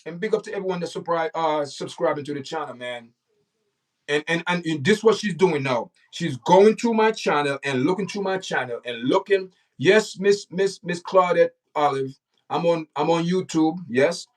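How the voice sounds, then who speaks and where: A man's voice: a little high, normal speed, distant mic. Preachy man hosting a livestream. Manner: preachy, repetitive, indignant. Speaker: livestream host. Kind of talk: opinionated livestream commentary.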